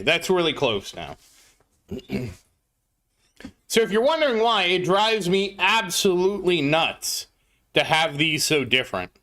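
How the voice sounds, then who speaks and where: A man livestreams a mobile game with casual commentary, calling out viewers in chat by name. His fairly high voice sounds pushed and bright.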